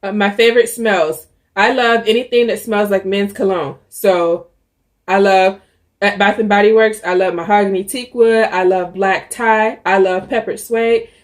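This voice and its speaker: A woman's voice: mid-range voice, fairly even intonation, moderate pace. A young adult woman vlogging, talking casually and candidly to the camera, with frequent ums and restarts. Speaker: YouTuber.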